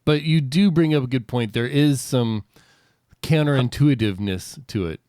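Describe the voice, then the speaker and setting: Male co-host, mid-pitched, reflective, dry close sound. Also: darkish tone, no echo. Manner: measured, reflective, frank. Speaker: podcast co-host. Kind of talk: casual chat and reading news items.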